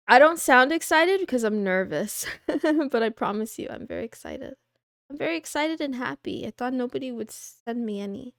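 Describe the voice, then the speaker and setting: Soft-spoken young woman streamer, dry close mic. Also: sits high, animated, moderate pace, no room sound. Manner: soft, rambling, self-deprecating with giggles and "wah" noises. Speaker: VTuber host answering viewer questions. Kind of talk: casual livestream chat.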